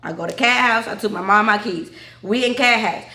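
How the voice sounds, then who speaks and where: A woman's voice: medium pitch, a little fast, sharp tone, reverberant. A woman in her twenties telling a personal story to camera, emphatic and candid, often calling out to her viewers and swearing freely. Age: 20s. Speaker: vlogger.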